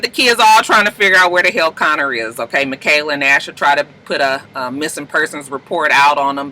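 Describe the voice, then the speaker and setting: A woman recapping a TV episode in a casual, profane, animated way, jumping into high voices to act out the characters. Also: rough recording. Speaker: TV recap vlogger.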